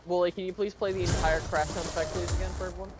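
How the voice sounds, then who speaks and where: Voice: medium pitch, flat delivery, rapid-fire, over loud music. A person chatting eagerly with friends during a game stream, filling stories with "like" and "um". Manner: chatty, eager storyteller with fillers. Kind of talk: casual gaming chat.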